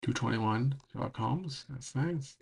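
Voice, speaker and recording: Husky, gravelly man losing his voice. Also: mid-range voice, a little slow. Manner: rambling, full of "like" and "um". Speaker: streamer. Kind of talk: casual recap while browsing a map.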